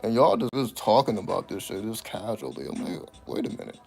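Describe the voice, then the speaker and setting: A man telling stories in a casual, profane monologue, breaking into high laughing exclamations. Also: very animated, fairly quick, creaky. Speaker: channel host.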